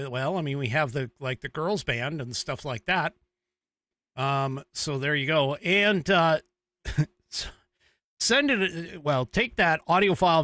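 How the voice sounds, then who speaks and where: A bright, forceful-sounding American man hosts his show in a rambling, chatty way, often chuckling at himself. His voice sits a little high for a man and is recorded dry, close and with no room sound, as in a small studio. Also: no room sound. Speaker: show host. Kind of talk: casual talk show chat.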